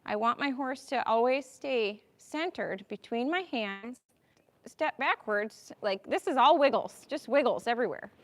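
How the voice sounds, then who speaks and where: A woman's voice: fairly high pitch, expressive, measured pace. A young adult woman horse trainer chatting and explaining as she goes during a live-stream ride in a riding arena, filmed on a camera on a tripod.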